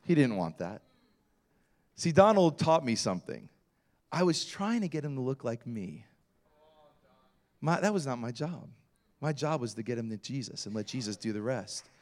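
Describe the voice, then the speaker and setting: A man's voice: mid-range voice, moderate pace, pauses often. A middle-aged male pastor telling a story in a sermon, acting out the voices of the people in it with big swings of energy. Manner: animated storyteller acting out quotes.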